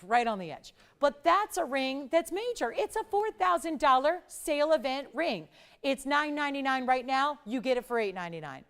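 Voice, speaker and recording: A middle-aged woman hosting a live jewelry shopping show, hoarse from a strained voice, chatty and fast-talking with joking asides. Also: fairly high pitch. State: hoarse, losing her voice. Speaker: shopping channel host. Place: TV studio.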